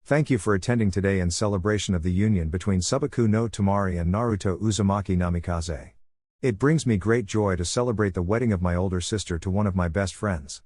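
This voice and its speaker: A flat, monotone young man leads a wedding ceremony, read by a man. His voice sits low and dry, with no room around it. It stays steady and unmoved throughout. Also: dry recording.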